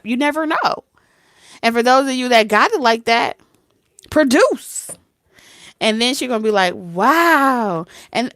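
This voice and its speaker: A woman's voice: mid-range voice, no room sound, clean studio sound. A woman tarot reader talking casually, blunt and streetwise, who laughs often and acts out both sides of a conversation. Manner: laughs often and slips into soft whispers. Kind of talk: casual talk to camera.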